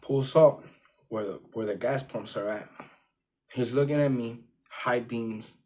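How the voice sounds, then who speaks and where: A man's voice: mid-range voice, a little slow, darkish tone. A man casually telling a personal story in profane street slang, full of fillers like "you know what I'm saying".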